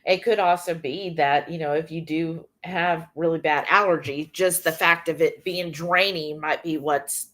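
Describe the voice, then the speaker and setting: A woman co-hosting a casual chat, prompting with questions and filling pauses with ums. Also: deep voice, fairly even intonation, a bit bright. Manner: chatty, many fillers, prompting questions.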